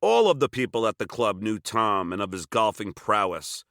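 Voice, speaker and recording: A man's voice: fairly low pitch, big pitch swings, moderate pace, fairly bright tone, no echo, clean studio sound. A man reading his own memoir aloud, telling crude and sarcastic stories. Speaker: memoir narrator.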